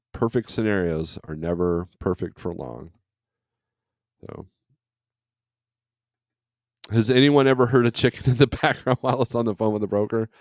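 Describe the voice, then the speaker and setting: A trucker with a lowish, smooth voice hosts a casual morning livestream from his home rather than his truck, rambling and reading viewer comments aloud. The recording is studio quality with no room sound.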